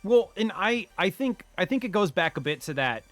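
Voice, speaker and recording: A man hosting an interview, asking measured questions and adding short agreements. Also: sits high, big pitch swings, soft background music. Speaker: interview host.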